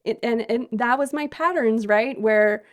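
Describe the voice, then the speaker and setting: Higher-voiced woman podcast host. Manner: reflective, halting, many restarts. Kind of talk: casual podcast conversation.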